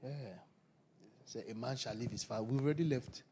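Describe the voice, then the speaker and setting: A man preaching a sermon, animated and repetitive, often breaking into laughter. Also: mid-range voice, fairly quick, slight background noise. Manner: animated, laughing, repeats phrases.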